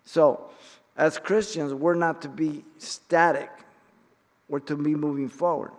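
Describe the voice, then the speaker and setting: This middle-aged Bible study teacher has a fairly high, steady voice. He goes deep into the text in a measured, emphatic manner, pausing often and dropping in a few fillers, while the hall adds long reverb.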